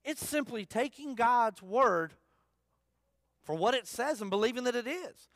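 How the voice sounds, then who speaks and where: A man with a notably high voice preaches to a full church in a casual, conversational way. He asks the congregation questions and circles back to repeat his key phrases. The sound is dry and close, with little room echo. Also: animated, unhurried, fairly bright tone. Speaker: pastor. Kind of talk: sermon. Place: church service.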